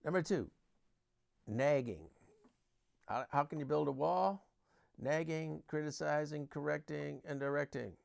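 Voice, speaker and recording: A man's voice: on the high side, a little slow, gravelly, long pauses. A man giving an earnest Christian parenting talk that uses Bible verses and everyday examples.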